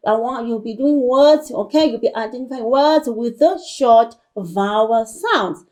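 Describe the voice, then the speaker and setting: A woman's voice: fairly high pitch, lively intonation, unhurried, a little mellow. A woman teacher from South Africa giving a broadcast lesson to young children, repeating words and coaxing the class with frequent "all right" and "okay".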